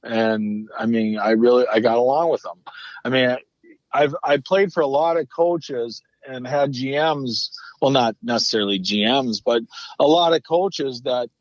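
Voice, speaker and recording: A man's voice: medium pitch, a little slow, no echo. A man guesting on a podcast, telling stories in a loose rambling way, restarting his sentences and swearing now and then. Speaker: guest, former hockey player. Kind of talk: casual storytelling interview. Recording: muffled lo-fi remote audio.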